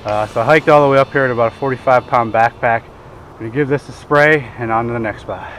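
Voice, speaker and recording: Speaking fast in a medium, slightly bright voice, a man hosts a hunting vlog with relaxed, plain talk and jokes at his own expense. Faint music plays behind him, and road and outdoor sounds come through clearly on the rough recording.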